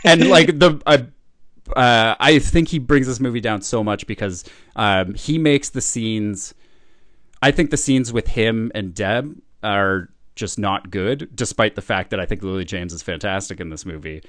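A man with a fairly low voice talks through a film in a casual chat, blunt and quick to swear. He often laughs mid-sentence. The sound is dry and close, with no room around it. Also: fairly bright tone, no room sound. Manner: blunt, profane, laughs while talking. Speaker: podcast co-host.

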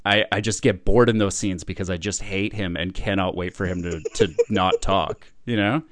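A man with a fairly low voice talks through a film in a casual chat, blunt and quick to swear. He often laughs mid-sentence. The sound is dry and close, with no room around it. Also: no room sound. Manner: blunt, profane, laughs while talking. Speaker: podcast co-host.

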